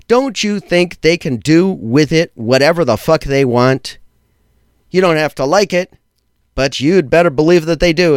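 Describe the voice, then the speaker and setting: A fairly high-voiced man hosts a podcast, delivering blunt commentary with a sardonic bite and the odd swear. He slows down to stress the phrases that matter. The recording is close and dry, with no room sound. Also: clean tone, no room sound. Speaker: podcast host. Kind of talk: opinionated tech and law commentary.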